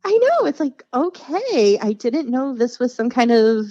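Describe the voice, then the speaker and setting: Lively storytelling woman, dry dull sound. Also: high voice, measured pace, no room sound. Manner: animated storyteller, acts out quoted voices. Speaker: podcast guest. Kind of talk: casual chat.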